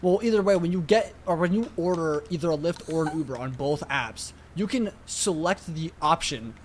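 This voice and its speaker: Young male podcast co-host, higher pitch, chatty explainer, faint background noise. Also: normal speed. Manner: chatty, explains in detail, swears casually. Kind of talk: casual chat.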